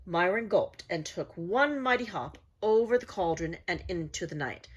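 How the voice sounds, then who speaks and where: Husky-voiced woman reading a storybook. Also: lowish voice, rough recording. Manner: expressive, unhurried read-aloud. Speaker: craft channel host. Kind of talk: storybook narration.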